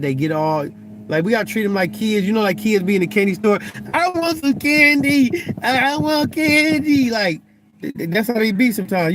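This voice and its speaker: Young guy w a high voice casually preaching to the camera, stammers a lot, keeps repeating himself. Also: a little hiss or hum. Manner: stammers and repeats words while pressing a point; loose, conversational, keeps asking "you know what I'm saying". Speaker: Christian vlogger.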